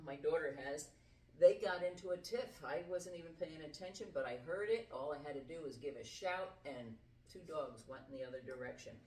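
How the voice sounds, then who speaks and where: A middle-aged woman dog trainer giving a casual instructional demonstration, explaining in a conversational way with everyday comparisons. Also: low-pitched. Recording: roomy sound from a distant mic with faint background noise.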